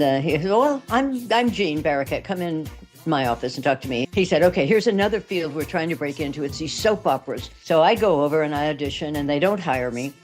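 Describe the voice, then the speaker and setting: An older woman from Texas, an actress telling lively anecdotes in an interview and acting out the people she quotes. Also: low voice. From Texas, USA. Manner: animated anecdotes with quoted voices. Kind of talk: interview storytelling.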